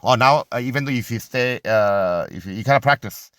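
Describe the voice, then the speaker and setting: A man's medium-pitched, slightly bright voice is heard on a dry, studio-quality recording. He's giving an impassioned, argumentative, unscripted monologue on religion and society, halting often with word searches, restarts, and fillers.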